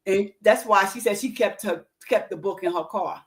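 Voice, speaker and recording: A woman's voice: mid-range voice, normal speed, a little hiss or hum. A woman from Newark, a podcast host chatting casually and acting out the people in her stories. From Newark, New Jersey. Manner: animated storyteller acting out quoted dialogue.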